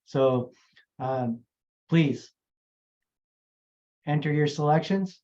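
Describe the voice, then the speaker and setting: A man's voice: on the high side, drawn-out words, warm tone, dull audio. A man casually announcing a contest vote, helpful and informal with lots of fillers. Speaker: calendar contest organizer.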